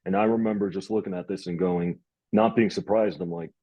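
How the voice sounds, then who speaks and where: A young man hosting a casual interview, telling stories in a rambling, animated way. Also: deep voice, fairly quick, no echo, muffled recording. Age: young adult. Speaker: host.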